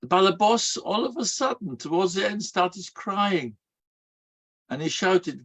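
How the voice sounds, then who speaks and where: A man's voice: medium pitch, lively intonation, normal speed, fairly bright tone, breathy edge. A man giving a sermon as a rabbi, telling stories and asking and answering his own rhetorical questions, peppered with Hebrew and Yiddish terms. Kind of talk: sermon to a live audience. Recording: dull lo-fi recording.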